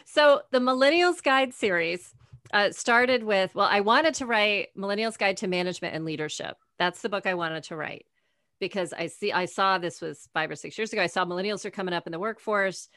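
In a dry, close-sounding room, a woman in her forties talks as an interview guest. Her voice sits in a middle pitch, and her storytelling is animated, full of acted-out dialogue and frequent laughter. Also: fairly quick, no echo. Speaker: guest, author. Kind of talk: conversational interview.

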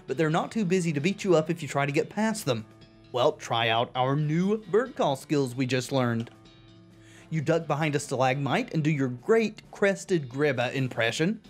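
A man hosting a video game playthrough, reading the game's text aloud and adding dry wisecracks. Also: a little high. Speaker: let's play host. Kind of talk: game commentary.

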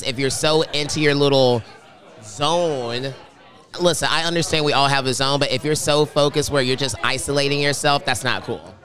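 Bright, animated man in his thirties. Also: medium pitch, moderate pace. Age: 30s. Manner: animated, playful, chatty. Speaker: marathon runner guest. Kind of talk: casual interview chat.

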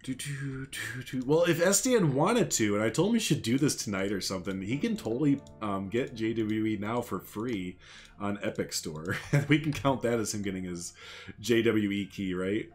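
Man, young adult, game streamer, casual chat, laughs a lot, lively intonation, soft background music. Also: fairly low pitch, normal speed. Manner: chatty, laughs often, answers chat.

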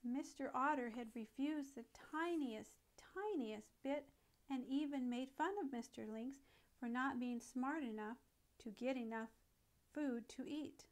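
A woman reads a classic children's nature story aloud with a gentle, expressive storyteller's touch. Her voice sits a little higher than most. The delivery is a careful, warm-paced storybook narration. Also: a little slow.

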